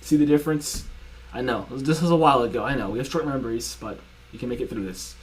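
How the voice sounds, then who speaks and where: A man's voice: medium pitch, fast talker. A young man hosting a commentary video, arguing point by point in a sarcastic, repetitive way. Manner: argumentative, sarcastic, repeats and restarts. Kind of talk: reaction commentary.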